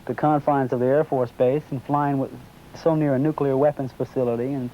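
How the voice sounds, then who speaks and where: A man recounting a personal story in an interview, slipping into the voices of the people he quotes as he goes. His voice sits at an ordinary middle pitch. The recording is dull and lo-fi, with faint noise underneath. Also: steady tone, fairly quick. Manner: storytelling, acts out quoted dialogue.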